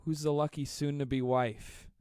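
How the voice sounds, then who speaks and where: A man in his twenties hosting a live stream, reading viewer comments aloud and joking with a fast, self-deprecating manner. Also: fairly high pitch, flat delivery, darkish tone, clean tone, dry recording, clean studio sound. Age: 20s. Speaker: livestream host.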